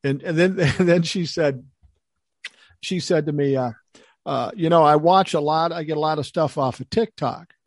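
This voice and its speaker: Older male talker, slightly high voice, lively yarn-spinner, dry close sound. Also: moderate pace, no room sound. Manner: animated storyteller acting out quoted voices. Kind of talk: casual storytelling chat.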